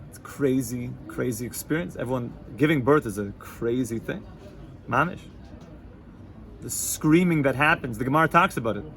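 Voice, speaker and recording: A man, teaching an informal Torah class to students, animated and joking, sprinkling in Hebrew and Yiddish terms. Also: medium pitch, a little hiss or hum. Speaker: yeshiva rabbi teaching students.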